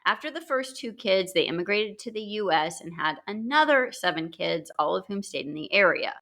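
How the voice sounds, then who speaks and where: A bright, crisp-toned woman from California co-hosts a true-crime podcast. She chats and teases her partner, then moves into reading out case background. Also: mid-range voice, expressive, normal speed. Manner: chatty, teasing, reads case background. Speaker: podcast co-host.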